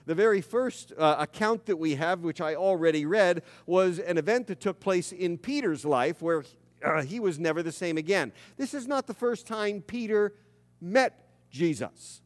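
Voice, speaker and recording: Man preaching, story-driven sermon, fairly high voice, long church echo. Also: animated. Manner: conversational storytelling, dramatic slowdowns. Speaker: pastor. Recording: long reverb of a large hall.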